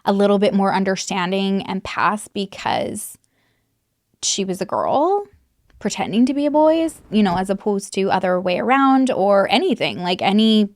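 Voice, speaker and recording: A woman vlogger talks true crime straight to her viewers in a candid, blunt way, swearing freely and leaning on fillers. She is getting over an illness, and her voice sits at an ordinary middle pitch in a dry, close recording. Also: moderate pace, darkish tone, dry recording. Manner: candid, swears freely, many likes and you knows. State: recovering from illness, on antibiotics. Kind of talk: casual true crime commentary to camera.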